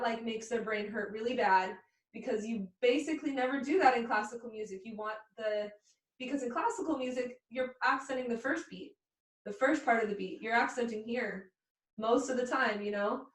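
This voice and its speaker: A young adult woman teaching a fiddle class online, explaining rhythm and counting beats aloud in a friendly way. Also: fairly high pitch. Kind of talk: online music lesson. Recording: echoey room.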